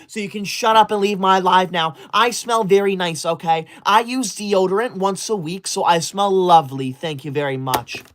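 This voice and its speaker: A man with a high-sitting, fairly everyday voice plays a touchy, rule-obsessed young livestreamer in a comedy parody. He talks primly and stiffly, in a formal, scolding tone.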